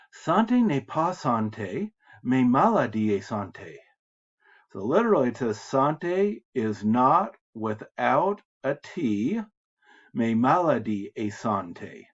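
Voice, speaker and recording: Reading French phrases aloud before patiently explaining them in English, this American instructor of French reading has a mid-range voice with a breathy edge. The lecture recording sounds slightly dull and lo-fi.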